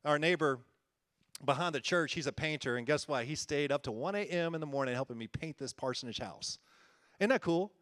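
An earnest male pastor preaching in a loose, conversational way, with a fairly high voice. He talks folksy and sincere, chuckles easily and doubles back on his words. The sound is dry and close. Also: fairly quick, fairly bright tone, no echo. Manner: earnest and folksy, often chuckling and repeating himself. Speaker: church-planting pastor. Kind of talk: conversational sermon.

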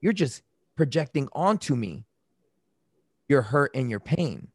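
A man in casual conversation about relationships, animated, acting out quoted arguments in raised voices. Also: mid-range voice, a little slow, no echo, studio quality.

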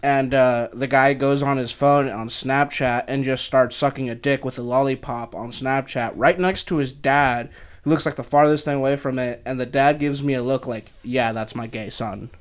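A man's voice: mid-range voice, steady tone, moderate pace, clear, resonant tone. Blunt crude podcast guy. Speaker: podcast co-host. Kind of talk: casual chat.

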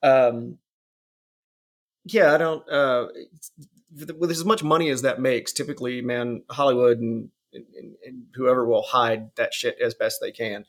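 A man's voice: medium pitch, steady tone, moderate pace. A man talking casually on a podcast, rambling, cursing and laughing as he goes. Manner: rambling, profane, laughs often, drops into mock voices. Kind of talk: casual chat.

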